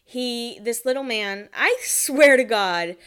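A woman's voice: a little high, expressive, slow pace, fairly bright tone, clear, resonant tone. A woman in her twenties recapping a reality show in casual chat. She swears often and acts out the quotes. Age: 20s.

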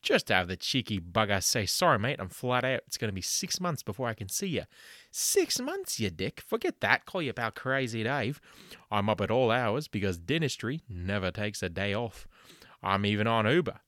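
A man's voice: lowish voice, lively intonation, moderate pace, fairly bright tone, no room sound, clean studio sound. A man voicing a crude, boastful roadside dentist in a comic mock advert, with a put-on Australian accent and plenty of swearing and slang. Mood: brash.

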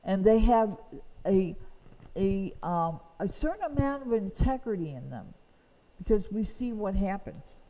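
A woman's voice: mid-range voice, sing-song, a little slow, mellow, long reverb tail, rough recording. A woman teaching from the Bible, reading verses aloud and explaining them earnestly. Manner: reads scripture aloud, then explains it earnestly.

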